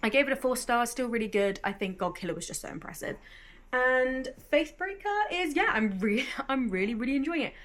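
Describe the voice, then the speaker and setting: A bubbly young British woman talks to her vlog camera in a fairly high voice. Her pitch swings up and down a lot as she chats animatedly and laughs easily. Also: expressive, fairly quick, fairly bright tone. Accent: British English. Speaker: book vlogger. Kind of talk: casual vlog chat.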